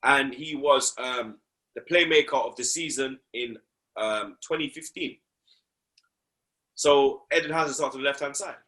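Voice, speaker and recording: A man's voice: mid-range voice, a little slow, long pauses, sharp tone. A young man, talking football on a casual podcast, slangy and repeating himself for emphasis.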